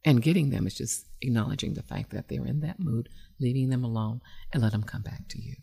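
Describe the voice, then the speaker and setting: A woman's voice: rumbling low, a little fast, gravelly, mellow, husky. A woman hosting an internet radio show as a relationship expert, giving advice in a conversational, emphatic way with frequent fillers.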